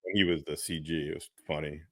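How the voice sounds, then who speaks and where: A man's voice: rumbling low, steady tone, quick pace, a bit bright, dry recording, clean studio sound. A middle-aged man casually telling a rambling, profane story and acting out the people in it. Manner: rambling, profane, laughing, acts out quoted officers. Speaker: podcast co-host.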